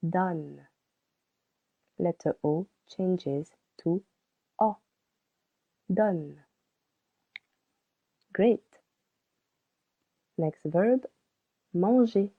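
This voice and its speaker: A woman's voice: on the low side, husky. A woman teaching a beginner French lesson, spelling out letters and saying each example word twice. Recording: tinny phone-like sound.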